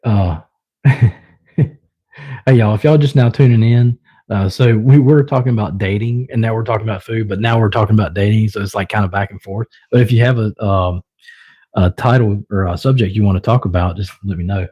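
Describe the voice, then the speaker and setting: Talking a little fast in a lowish, slightly rough voice, a young Southern US man chats casually with viewers on his own stream, and the recording lacks its high frequencies. He rambles and fills his speech with fillers.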